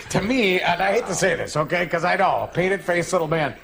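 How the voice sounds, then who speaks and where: A high-voiced man with a gravelly edge rambles through playful stories as a horror show host. A crowd murmurs behind him on the studio set. His banter stays loose and joking. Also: expressive, fast talker, hardly any pauses.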